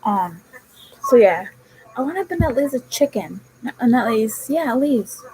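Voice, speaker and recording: A woman's voice: fairly high pitch, big pitch swings, moderate pace, darkish tone, a little hiss or hum, low-quality recording. A young woman chatting casually on her vlog, telling a rambling story about her work. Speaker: vlogger. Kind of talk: casual chat.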